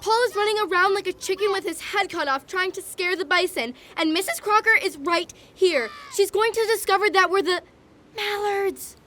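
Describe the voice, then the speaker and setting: A woman's voice: very high-pitched, moderate pace, sharp tone, a little hiss or hum. A woman voicing a sensible, worried young girl who looks after her little brother in an audio drama. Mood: urgent. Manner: worried, urgent. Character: anxious, sensible older sister, a young girl.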